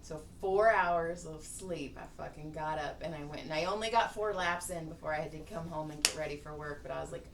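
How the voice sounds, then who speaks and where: A woman's voice: deep voice, brisk, creaky, few pauses. A woman podcast host telling a rambling, profane story in casual chat. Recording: roomy, distant mic, faint hiss.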